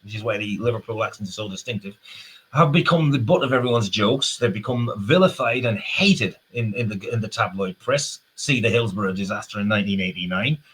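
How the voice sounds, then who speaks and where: A man rants angrily, swearing freely and tumbling over his own restarts. His voice sits fairly low and carries a husky, breathy edge. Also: animated, fairly quick, fairly bright tone. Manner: profane, heated, rambling with restarts. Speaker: political commentator. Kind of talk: angry spoken rant.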